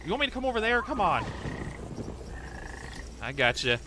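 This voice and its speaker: A man giving excitable gameplay commentary, yelping, taunting and repeating phrases as he plays. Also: high voice, normal speed, noisy background. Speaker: gaming YouTuber. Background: game music.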